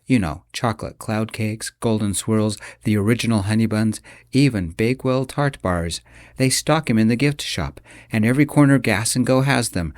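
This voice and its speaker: A man doing an excitable starstruck dealer. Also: lowish voice, moderate pace, no room sound, studio quality, lightly acted. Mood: excited. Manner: excited, chatty.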